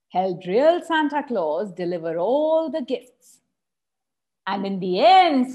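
Expressive woman teacher telling kids a story. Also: sits high. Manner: expressive, sing-song, asking children questions. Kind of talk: animated storytelling for young children.

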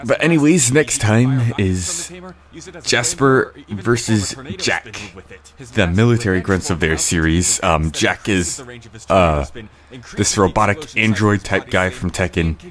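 A man giving rambling casual commentary on his own video, clearing his throat with a cold. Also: on the low side, slow. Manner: rambling, frequent fillers and restarts. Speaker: creator giving episode commentary.

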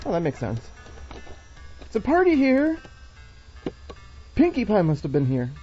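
A woman's voice: medium pitch, huge pitch swings, measured pace, pauses often, dark tone. A young woman giving casual, giggly commentary while playing a game and reading its text aloud. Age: young adult. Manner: giggly, chatty, reads on-screen text aloud. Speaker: let's play gamer. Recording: dull lo-fi recording with faint game music.

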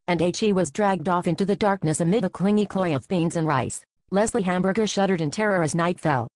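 A woman narrating a satirical fairy tale in a deadpan scripted style. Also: lowish voice, fairly quick, hardly any pauses, dry recording, poor audio. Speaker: storyteller.

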